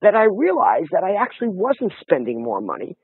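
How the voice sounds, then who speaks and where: A man telling stories in casual conversation, animated and full of restarts. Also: high voice, a little fast, slightly rough, no echo. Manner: animated storytelling with many restarts. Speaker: guest. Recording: tinny phone-line sound, dry.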